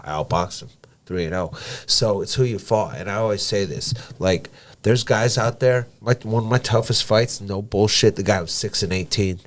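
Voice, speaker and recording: Lowish-voiced boxer guy on a podcast, swears a lot, acts out whole conversations. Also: a little fast. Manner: animated storyteller, swears freely, acts out dialogue. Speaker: professional boxer and gym owner, guest. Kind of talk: casual podcast chat.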